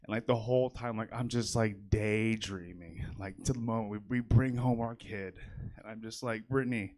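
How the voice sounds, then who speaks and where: A man's voice: lowish voice, fairly even intonation, moderate pace, darkish tone. A young man performing a stand-up set on a comedy theater stage. He chats with the crowd and talks with lots of fillers and a self-deprecating manner.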